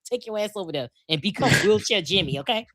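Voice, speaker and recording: A woman's voice: medium pitch, lively intonation, quick pace, fairly bright tone. A woman co-hosting a podcast, delivering a brash, profane comedic rant full of repetition. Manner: brash, profane, repeats herself. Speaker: podcast co-host.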